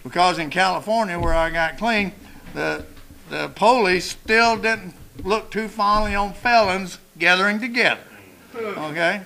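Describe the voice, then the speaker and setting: Older man, gravelly voice, bright and a little high, blunt profane storytelling, recovery meeting talk. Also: a little slow, low-quality recording. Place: meeting room.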